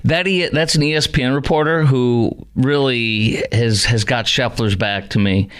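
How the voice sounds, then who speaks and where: A man's voice: medium pitch, moderate pace, very noisy. A man hosting a talk radio show, arguing with emphatic rhetorical questions into a studio microphone.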